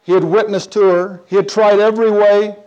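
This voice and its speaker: A man telling a personal story in a talk, animated, with big swings between loud and quiet. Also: sits high, brisk, smooth, dull audio.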